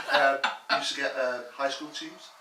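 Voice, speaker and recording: A man's voice: mid-range voice, sharp tone. A man co-hosting a casual comedy sports chat, joking and teasing the others. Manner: jokey, teasing, breaks into laughter. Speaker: co-host. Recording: echoey room, far from the mic, background noise.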